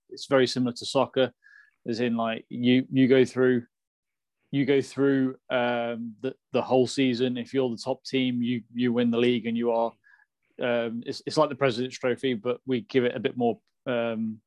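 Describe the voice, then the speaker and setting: A man explains things as a podcast co-host, often repeating the first words of a phrase. His delivery stays flat and even. The recording is dry and close. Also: medium pitch, no room sound. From England. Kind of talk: casual podcast chat.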